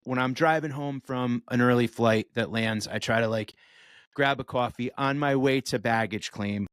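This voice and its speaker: Animated man telling a story on a podcast. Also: mid-range voice, normal speed, no echo, clean studio sound. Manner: animated storytelling, acts out voices, swears. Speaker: podcast co-host. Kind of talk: casual chat.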